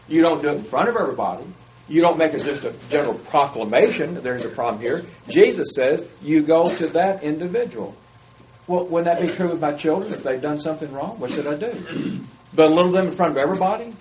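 Conversational preacher man, slightly high voice. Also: a little mellow, a little hiss or hum, low-quality recording. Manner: conversational, asks the audience questions. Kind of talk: sermon.

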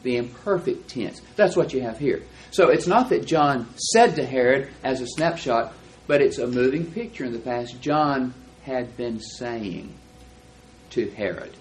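A man teaching a Bible class, explaining verses and reading them out slowly and deliberately. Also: medium pitch, animated, a little hiss or hum, low-quality recording.

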